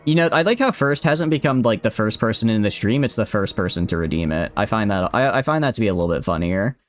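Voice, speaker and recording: A man's voice: on the low side, animated, fast talker, soft background music. Playful Southern man chatting on stream. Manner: playful, teasing, talks to chat while playing. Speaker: game streamer. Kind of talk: casual live-stream chat.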